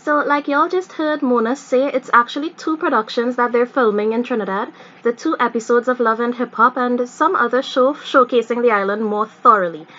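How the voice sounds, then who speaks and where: Woman, high bright voice, chatty vlog narration, dull lo-fi sound. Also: normal speed, a little hiss or hum. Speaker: vlog host. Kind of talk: scripted narration.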